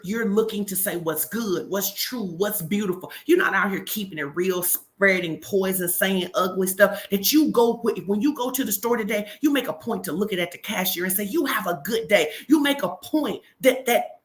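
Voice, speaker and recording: Energetic woman giving emphatic encouragement. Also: mid-range voice. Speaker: host of a live stream. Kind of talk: motivational live talk.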